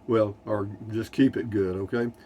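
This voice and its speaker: A man's voice: fairly low pitch, steady tone, moderate pace, warm tone. An older man with a Texan accent, casually reading viewer comments from his motorhome, rambling and dryly joking. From Texas. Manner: folksy, rambling, dry humor. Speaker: RV vlogger. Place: inside a Class C motorhome.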